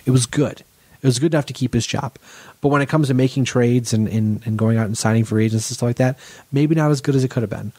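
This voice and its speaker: A man's voice: medium pitch, fast talker, warm tone. A man co-hosting a casual sports podcast, talking in long rambling runs full of restarts and self-corrections. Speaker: podcast co-host.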